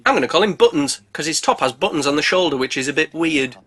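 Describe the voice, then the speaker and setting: A man's voice: on the high side, expressive, quick pace, pushed and bright. A man narrating a comedic movie recap, sarcastic and full of jokes. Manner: sarcastic, puts on silly voices. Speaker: movie reviewer.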